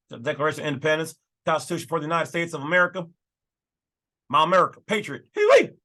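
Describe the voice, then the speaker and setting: A man's voice: fairly high pitch, sharp tone. A man hosting his own channel, casually talking through and reading legal documents with folksy, emphatic asides. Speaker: channel host.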